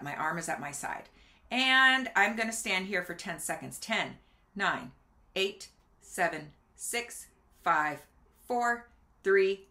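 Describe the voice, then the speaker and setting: A woman's voice: medium pitch, bright, forceful tone. A middle-aged woman hosting a casual health vlog, chatty and instructive, counting aloud as she demonstrates exercises at home near a kitchen counter, slightly out of breath. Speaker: doctor and video host.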